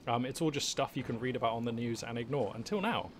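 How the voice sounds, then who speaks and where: A man's voice: medium pitch, fast, a little hiss or hum. A man hosting his gaming channel, talking off the cuff from his home hobby room in a loose, rambling way full of ums and restarts. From England. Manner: rambling, many fillers and restarts, chatty. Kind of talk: casual unscripted monologue. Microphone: webcam setup.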